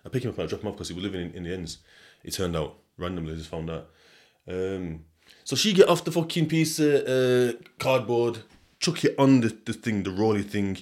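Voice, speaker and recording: Hosting his podcast at a moderate pace, a young Sheffield man with a local accent talks in a lowish, somewhat mellow voice. He rambles loosely, swears freely and often chuckles.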